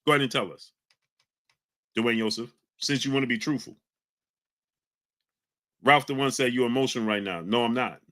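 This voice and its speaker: Ny guy on a livestream, bright pushy voice, heated, shouting out chat names. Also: medium pitch, moderate pace, pauses often. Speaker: livestream host reading chat. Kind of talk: heated live-stream talk.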